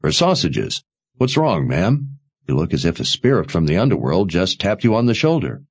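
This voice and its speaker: A man's voice: low-pitched, very animated, moderate pace, husky, no room sound, full character voice. A man voicing a friendly, concerned young wine seller who talks easily. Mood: kindly.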